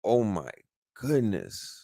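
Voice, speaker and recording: A man giving an excitable live reaction to a new rap track, repeating lyrics and bursting out in slangy commentary. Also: fairly low pitch, slow pace, vocal fry. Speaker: music reaction streamer.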